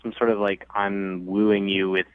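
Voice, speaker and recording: A man's voice: on the low side, level tone, measured pace, very noisy. A man calling into a radio show, hesitant and defensive. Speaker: caller. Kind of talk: phone-in chat. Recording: tinny phone line on radio.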